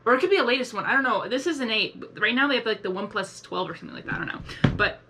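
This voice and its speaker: A woman hosting a casual live reaction video, talking excitably and rambling with many exclamations. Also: on the high side, very fast.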